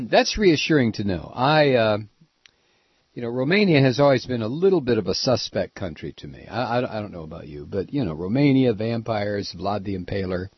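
A man's voice: on the low side, expressive, normal speed, breathy edge, no echo. A man hosting a radio talk show, giving rambling, sardonic commentary full of hesitations. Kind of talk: casual on-air commentary. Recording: dull lo-fi radio audio, dry.

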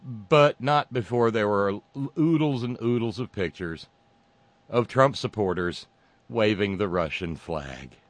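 Low-voiced man with sarcastic monologue. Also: animated, a little slow, no room sound. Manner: mocking, meandering, many fillers and restarts. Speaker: political commentary host.

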